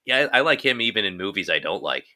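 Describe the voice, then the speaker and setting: A man co-hosting a casual movie podcast, talking in an animated way and breaking into loud mock outbursts. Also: lowish voice, fast talker. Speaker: podcast co-host.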